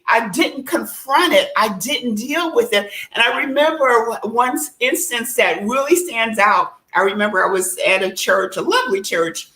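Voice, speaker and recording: Woman coach, high-ish voice, lively testimony storyteller who laughs a lot, echoey video-call sound. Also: moderate pace, hardly any pauses. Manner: animated storyteller, laughs often, acts out quotes. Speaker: life coach. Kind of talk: virtual discussion, personal testimony.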